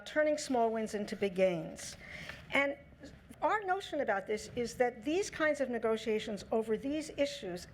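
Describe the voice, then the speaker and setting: A woman giving a lecture on negotiation, lively, acting out the quoted lines in her own voice. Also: a little high, a little hiss or hum. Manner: lively, acts out quoted dialogue in her talk. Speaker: speaker on negotiation. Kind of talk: lecture talk.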